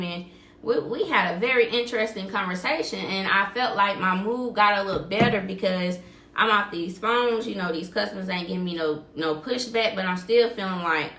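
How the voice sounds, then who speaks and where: A woman's voice: medium pitch, sharp tone, roomy sound. A woman hosting a podcast, telling a story in casual talk and acting out what people said. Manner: vivid retelling, acting out quoted dialogue. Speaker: podcast host.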